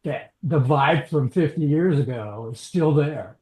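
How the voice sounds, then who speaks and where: Relaxed male audio engineer guest. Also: on the high side, a little slow, poor audio. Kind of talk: casual interview talk.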